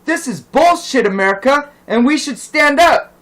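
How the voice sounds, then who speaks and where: High, sharp-voiced man ranting angrily. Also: lively intonation, normal speed, poor audio. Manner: heated, profane, indignant. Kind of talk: angry ranting monologue.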